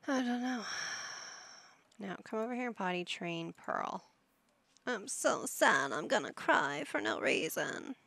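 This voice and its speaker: A woman's voice: medium pitch, vocal fry, bright, forceful tone, breathy edge. A woman giving casual commentary while playing a life-sim game, coaxing and scolding her characters like a playful parent. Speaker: gaming YouTuber.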